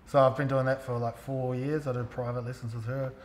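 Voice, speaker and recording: A man with a New Zealand accent, a gym coach talking casually and explaining technique in a relaxed, slangy way. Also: medium pitch, a little fast. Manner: relaxed, slangy, lots of fillers. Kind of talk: casual interview and technique instruction. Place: gym hall. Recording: echoey gym hall.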